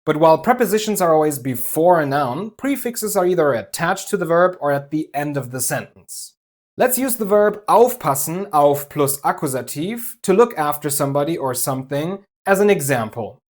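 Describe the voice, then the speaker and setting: Male language teacher with a German accent, methodical and clear, dry light humor. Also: on the high side. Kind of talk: scripted explanatory lesson.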